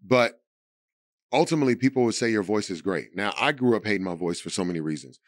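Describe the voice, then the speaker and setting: A man in his thirties with a lower voice, chatting as a podcast guest. He tells stories animatedly, jumping into quoted voices. The room sound is dry and close. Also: fast talker, no room sound. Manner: animated storyteller, slips into quoted voices and big pitch swings. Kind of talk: casual chat.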